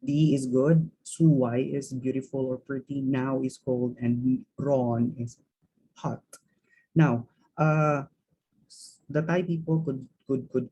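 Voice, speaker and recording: Slow, husky-voiced man teaching words. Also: medium pitch, dark tone, poor audio. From Philippines. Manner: hesitant, many fillers and restarts; pronounces example words slowly and carefully. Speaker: language teacher. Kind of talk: slow explanatory language lesson.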